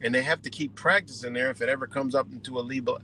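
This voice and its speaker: A man's voice: mid-range voice, steady tone, fast talker, bright, forceful tone, slight background noise, poor audio. A man hosting a live stream, ranting bluntly and exasperatedly with heavy swearing. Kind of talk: profane ranting commentary.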